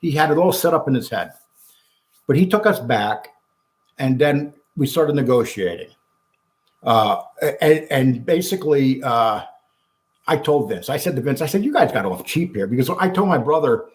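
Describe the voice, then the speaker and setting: Blunt, animated man telling a story. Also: medium pitch, normal speed. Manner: animated storyteller acting out quotes, frequent restarts; blunt, swears freely. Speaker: guest. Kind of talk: storytelling interview.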